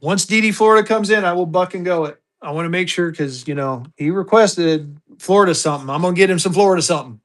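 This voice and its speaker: A man's voice: high voice, fast talker, hardly any pauses. Chatty man running a live auction. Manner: chatty, thinks aloud, calls viewers y'all. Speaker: livestream auction seller. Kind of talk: casual live-sale chatter.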